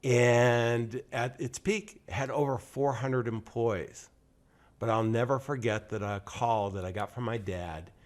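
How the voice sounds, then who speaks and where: Earnest lower-voiced American man. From upstate New York. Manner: earnest, emphatic storytelling with pauses. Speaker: podcast host. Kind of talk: scripted-sounding monologue introducing a show.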